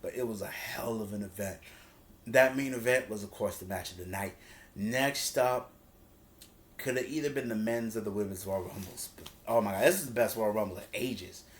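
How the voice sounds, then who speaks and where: A man casually recapping a wrestling event, telling it in an animated way and acting out what the wrestlers said in slang. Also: on the low side, moderate pace. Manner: animated storytelling, acts out quotes in slang. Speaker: wrestling reviewer.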